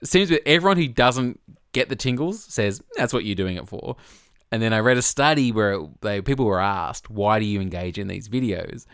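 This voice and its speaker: A man's voice: on the low side, normal speed, a bit bright, clear, resonant tone, no echo, clean studio sound. A man co-hosting a podcast, chatty, explaining research and laughing often. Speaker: podcast co-host. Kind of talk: casual chat. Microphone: studio microphone.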